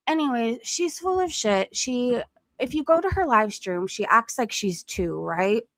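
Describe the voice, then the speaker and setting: Young adult woman streamer, blunt, cussing gossip, slightly high voice. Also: sing-song, a little slow, a bit bright, no room sound, clean studio sound. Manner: blunt and profane, with frequent laughs. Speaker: live streamer. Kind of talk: casual gossip commentary.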